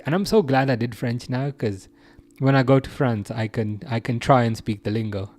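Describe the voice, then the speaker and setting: A man's voice: mid-range voice, moderate pace, darkish tone, dry recording, soft background music. A man casually hosting a football livestream, reading viewer comments aloud and laughing often. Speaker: livestream host reading chat.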